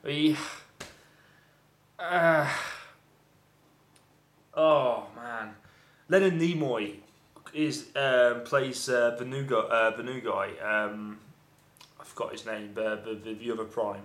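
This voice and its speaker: A man's voice: medium pitch, fairly even intonation, takes it slowly, long pauses, a bit bright. Swearing man ranting in a room. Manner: profane, rambling, exasperated. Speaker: film reviewer. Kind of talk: casual ranting film review. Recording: echoey room.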